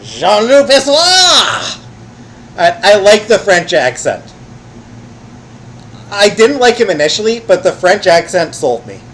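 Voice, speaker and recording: Animated man reacting to a game. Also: sits high, a little slow, long pauses, a little hiss or hum, poor audio. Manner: wry, reactive, swears casually. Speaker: let's play host. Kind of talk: casual gameplay commentary.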